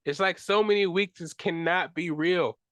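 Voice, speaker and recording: A young man talks on his own sports podcast and rants with frustration, swearing and slang coming out as he goes. His voice sits a little high for a man. The sound is dry and close, with no room around it. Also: moderate pace, a bit bright, dry recording. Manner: frustrated ranting, casual profanity and slang. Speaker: podcast host. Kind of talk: solo sports talk.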